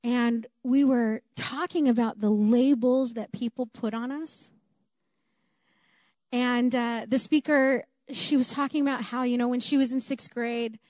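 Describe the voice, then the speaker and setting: A woman's voice: on the high side, a little mellow, no room sound, studio quality. A woman preaching a sermon in an earnest, emphatic way, repeating her key phrases for weight.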